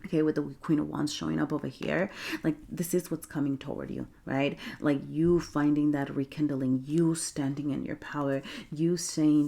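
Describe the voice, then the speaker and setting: A woman's voice: low-pitched, steady tone, moderate pace, creaky, mellow. A woman giving a chatty, encouraging tarot reading, laughing often and checking in with "okay?". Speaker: tarot reader. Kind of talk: casual tarot reading to camera.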